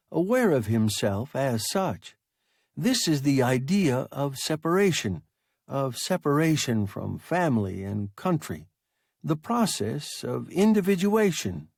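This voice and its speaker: A man voicing a large, calm and philosophical alien creature that speaks in a measured, reasonable way. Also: mid-range voice, gravelly, no room sound, clean studio sound, exaggerated voice.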